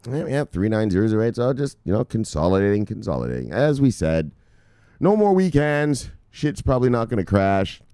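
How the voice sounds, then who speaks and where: A man hosting an excitable crypto news show, shouting bursts of exclamations, swearing freely and swinging from loud yells to low mutters. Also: a little fast, clean tone, no room sound, studio quality. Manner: shouts bursts of "Bang!", swears, hypes his viewers.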